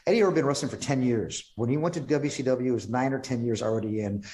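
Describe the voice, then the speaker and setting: A man talking as a podcast guest, telling stories in a relaxed way, quoting others and swearing now and then. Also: medium pitch, racing. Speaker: podcast guest, pro wrestler. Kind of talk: casual interview storytelling.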